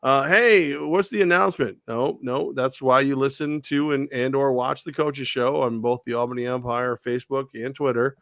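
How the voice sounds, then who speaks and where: Animated storytelling man, dry sound. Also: mid-range voice, normal speed, few pauses, no echo. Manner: animated storyteller who acts out quoted voices. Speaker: sports talk show co-host. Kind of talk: casual sports talk.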